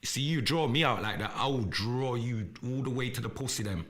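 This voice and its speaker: Defiant, profane man with a sharp voice. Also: mid-range voice, normal speed. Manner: profane, defiant, repetitive and threatening. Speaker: live podcast host. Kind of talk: confrontational livestream rant.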